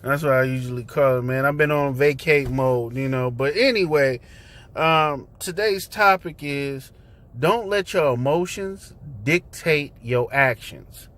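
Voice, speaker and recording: A man's voice: mid-range voice, unhurried, fairly bright tone. A man hosting his own talk vlog from inside his car, speaking in a loose, conversational way with slang and fillers as he preaches his point. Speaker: host.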